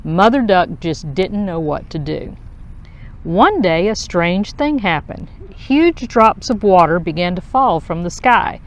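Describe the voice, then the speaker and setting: A woman reading a children's picture book aloud in a slow, expressive storytelling voice. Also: lowish voice.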